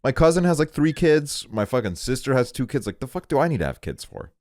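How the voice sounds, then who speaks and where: A man's voice: medium pitch, sing-song, fast talker, a little mellow, no room sound, studio quality. A young man hosting a casual podcast chat, rambling and swearing with lots of stumbling restarts.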